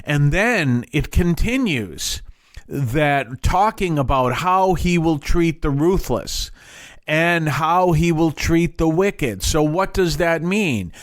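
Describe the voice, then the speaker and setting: A man's voice: a little high, animated, slow, no room sound, clean studio sound. A man from the Boston area with no Boston accent, teaching from the Bible in a casual, digressive way with jokey asides.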